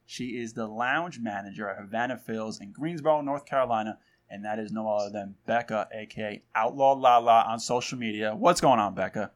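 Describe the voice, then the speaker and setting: A man's voice: on the low side, a little fast, hardly any pauses. A man hosting a podcast, upbeat and welcoming in casual chat. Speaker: podcast host.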